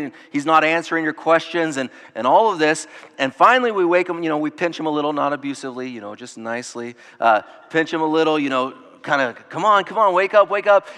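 A man preaching a sermon in an earnest way, dropping to hushed tones and rising to emphatic ones. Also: fairly high pitch, in a large hall. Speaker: pastor.

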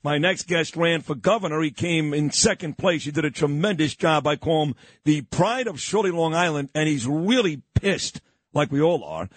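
A man hosting a morning radio talk show, cracking quick jokes at his co-host's stories. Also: a little high, lively intonation, no room sound. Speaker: radio host.

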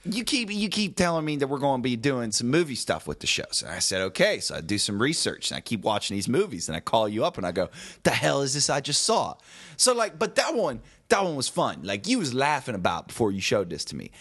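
A man's voice: medium pitch, wildly swooping pitch, fast talker, hardly any pauses, a bit bright, breathy edge. A man chatting casually on a podcast about a movie he disliked, rambling and complaining in loose colloquial speech. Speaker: podcast co-host. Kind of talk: casual movie review chat.

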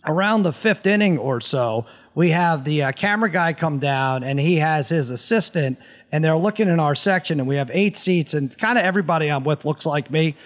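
A man's voice: on the high side, lively intonation, a little fast. A man co-hosting a sports podcast, chatting casually and rambling with fillers and restarts. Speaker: podcast co-host.

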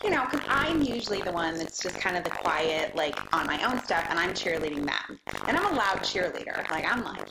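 A woman's voice: on the low side, big pitch swings, a little fast, creaky, hardly any pauses, reverberant, very noisy. A middle-aged woman talking as an interview guest, chatty and emotional, with many restarts. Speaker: guest, business owner. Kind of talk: casual interview chat.

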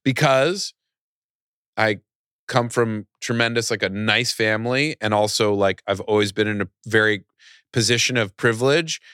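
A man's voice: fairly low pitch, moderate pace, fairly bright tone, clean tone, no room sound, studio quality. A middle-aged man chatting as a podcast guest, rambling with many restarts and fillers. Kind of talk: casual podcast conversation.

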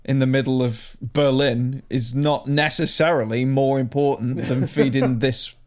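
A man's voice: mid-range voice, steady tone, a little slow. A young man hosting a casual chat, recounting odd news stories with stumbling restarts and laughs.

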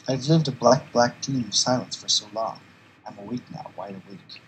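A man doing a hushed, menacing energy being. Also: medium pitch, moderate pace, slight background noise, close to an everyday voice, poor audio. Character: cold, eerie male energy being, calm and menacing.

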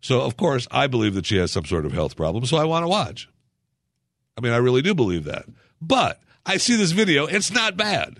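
A man rants through casual commentary with a mocking, sarcastic edge and a middling pitch. The recording is close and dry, with no room sound behind him. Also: very animated, a little fast, fairly bright tone, no echo.

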